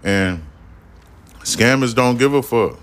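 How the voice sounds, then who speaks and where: A man's voice: medium pitch, slow. A man hosting his own solo podcast, ranting heatedly and with lots of swearing, often turning to the listener to drive his point home. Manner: addresses listeners directly, repeats points. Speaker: podcast host.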